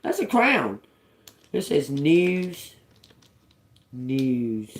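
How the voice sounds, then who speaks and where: A woman's voice: extremely low pitch, big pitch swings, extremely slow, a little hiss or hum. A woman giving a casual spiritual reading to a collective audience. She laughs often, swears freely and talks in a loose, streetwise way. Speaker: intuitive reader.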